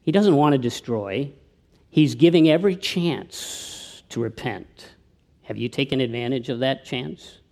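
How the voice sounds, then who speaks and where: A man preaching a sermon, who tells anecdotes and often drops to a hushed tone for his appeals. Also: medium pitch. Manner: tells anecdotes, with slips and restarts. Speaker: pastor.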